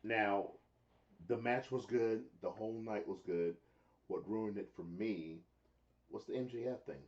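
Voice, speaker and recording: A man co-hosting a casual live chat show who tells stories in an animated way and laughs often. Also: fairly low pitch, measured pace, muffled recording. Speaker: co-host.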